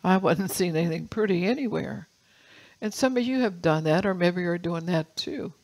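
An older woman pastor preaching a sermon, reading scripture slowly and telling personal stories with laughs. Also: on the low side, lively intonation, darkish tone, low-quality recording.

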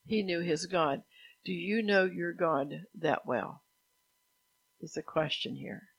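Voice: medium pitch, breathy edge, no room sound, rough recording. An earnest preacher delivering a sermon, reading scripture aloud, stopping to explain it, and putting direct questions to the listeners. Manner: pauses to explain the passages being read.

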